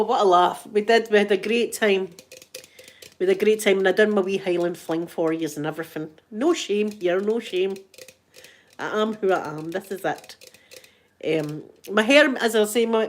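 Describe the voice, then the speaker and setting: A middle-aged woman with a Scottish accent, chatting casually to camera in a rambling, laughing way. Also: mid-range voice. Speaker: vlogger. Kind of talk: casual chat.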